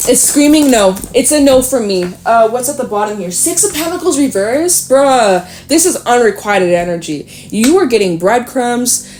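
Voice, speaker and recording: A woman giving a casual tarot reading, talking straight to the listener, chatty and swearing freely, animated at times. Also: on the high side, moderate pace, a little hiss or hum. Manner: animated, with sudden laughs and exclamations. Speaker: tarot reader.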